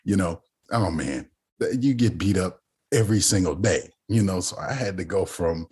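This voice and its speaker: A man's voice: sits low, expressive, normal speed, a little mellow, breathy edge. A man co-hosting a podcast in casual chat, playful and laughing often, from the Southern United States. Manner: laughs often, playful, breaks into silly voices and sound effects. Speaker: podcast co-host.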